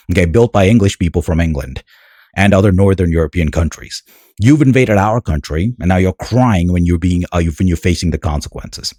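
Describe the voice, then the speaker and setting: Deep husky man, sneering commentary. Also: fairly quick, warm tone, no echo, studio quality. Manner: sneering, scornful, talks back at the clip. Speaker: commentator reacting to news clips. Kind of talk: mocking video commentary.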